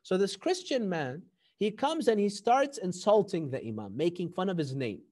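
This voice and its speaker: A man teaching a seminary ethics class, telling stories with animated delivery and quoting sayings before translating them. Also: sits high, normal speed. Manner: animated storytelling, quotes Arabic hadith then translates. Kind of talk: recorded class lecture.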